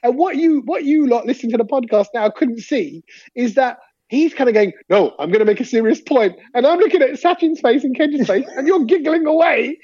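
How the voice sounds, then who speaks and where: Lively teasing male podcast host. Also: extremely high pitch, fairly quick, no room sound, muffled recording. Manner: laughing, teasing, animated. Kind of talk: casual podcast banter.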